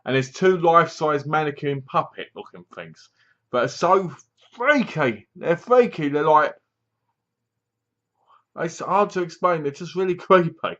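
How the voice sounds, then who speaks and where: A man's voice: fairly high pitch, lively intonation, unhurried, fairly bright tone, lo-fi sound. A man retelling a film's plot in a casual review vlog, rambling along with plenty of fillers. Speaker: film reviewer.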